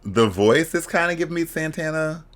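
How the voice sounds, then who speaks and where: A man's voice: a little high, lively intonation, moderate pace, fairly bright tone. A man hosting a casual reaction video, talking candidly and bluntly with bawdy jokes and frequent laughter. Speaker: drag reaction video host.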